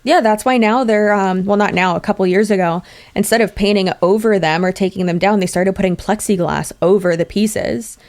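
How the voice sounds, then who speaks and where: A woman's voice: medium pitch, normal speed, a little mellow. A woman in her thirties co-hosting a podcast in casual chat, blunt and swearing freely with frequent laughs. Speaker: podcast co-host.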